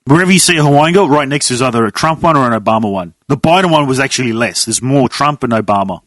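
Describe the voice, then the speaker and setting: A man's voice: mid-range voice, expressive, fast talker, fairly bright tone, no room sound. A man with an Australian accent, co-hosting a casual podcast and enthusiastically describing what he saw, repeating words for emphasis. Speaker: podcast co-host.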